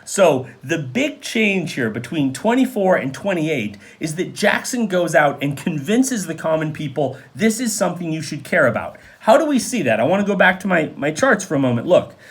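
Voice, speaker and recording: A man giving a conversational history lecture, animated and full of rhetorical questions to his students. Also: on the high side, moderate pace. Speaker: history teacher.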